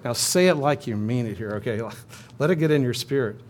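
A man's voice: mid-range voice, animated, a little fast, a little mellow. A man preaching a sermon in a conversational manner, often restarting his phrases and leading his listeners in a responsive reading. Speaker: pastor.

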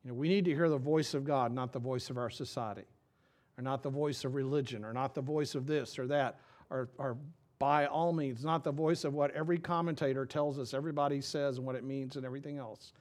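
A middle-aged man preaching a sermon, reading scripture dramatically and dropping to a quiet, intimate tone. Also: mid-range voice, fairly even intonation, a little fast. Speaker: pastor.

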